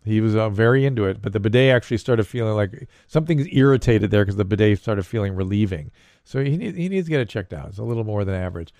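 A man's voice: lowish voice, animated, fast talker, darkish tone, dry recording. An older man hosting a casual podcast, a doctor who explains medical points plainly while answering listener questions.

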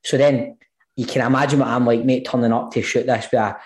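A Scottish man co-hosting a podcast, telling animated stories with plenty of swearing. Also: medium pitch, a little fast. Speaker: podcast co-host. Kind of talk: casual chat.

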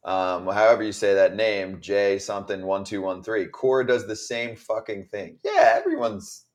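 A man hosting a live baseball show, relaxed and steering between segments. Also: on the low side, normal speed. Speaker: show host.

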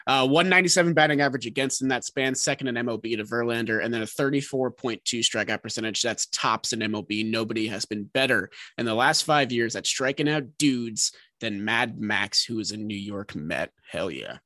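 An energetic man hosts a sports podcast, rattling off numbers. His voice is bright and forceful, and the sound is dry and close. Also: mid-range voice, dry recording. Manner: quick, energetic, stat-heavy. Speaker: podcast host. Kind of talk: casual sports chat and host-read ad.

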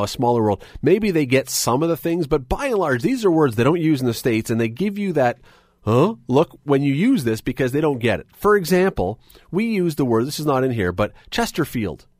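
A man's voice: mid-range voice, darkish tone, dry recording. A Canadian man hosting a radio talk show, chatty and opinionated, full of rambling asides into a studio microphone.

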